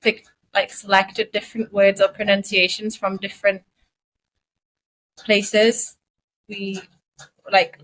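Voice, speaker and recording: A woman's voice: mid-range voice, a bit bright, rough recording. A woman co-hosting a podcast in casual chat, thinking her ideas through aloud in a musing way. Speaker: podcast co-host.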